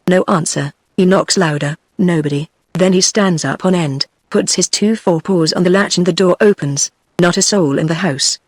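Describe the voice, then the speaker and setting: A computer-generated woman's voice with a British English accent, narrating a fairy tale audiobook in an even, mechanical delivery. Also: fairly low pitch, normal speed, dry recording.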